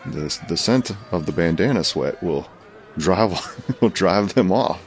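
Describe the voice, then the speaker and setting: A man doing a comedic impression of a raspy, boastful older male pro wrestler who rambles through a tall tale full of restarts. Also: low-pitched, expressive, a little slow, soft background music. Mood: rambling. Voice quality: raspy, gravelly.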